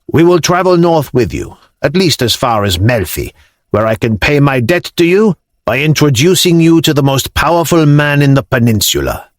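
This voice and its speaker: A man voicing an older male Norman lord with a deep voice, blunt and commanding in manner. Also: sing-song, normal speed, dry recording, clean studio sound. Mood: friendly, decisive.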